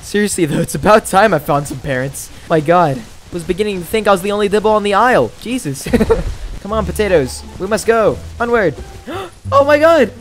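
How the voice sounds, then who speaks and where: A man narrating his survival game run as a let's-play, his voice bouncing all over the place and often jumping into high yelps and giggles. He sits a touch above the usual male pitch. Faint game music plays behind him. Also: a little fast. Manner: excitable, bursts into high yelps and laughs. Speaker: gaming video creator. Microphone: new microphone.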